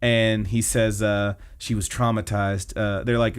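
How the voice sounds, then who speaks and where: A man's voice: on the low side, little pitch movement, a little slow, hardly any pauses, smooth. A man co-hosting a podcast, casually recapping anime episodes in a chatty way and acting out the characters' lines. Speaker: podcast co-host.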